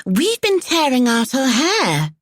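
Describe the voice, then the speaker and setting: A woman voicing a brash, vain young woman who speaks loudly and boldly. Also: sits high, wildly swooping pitch, slow pace, dry recording, studio quality, voice pushed up, exaggerated voice.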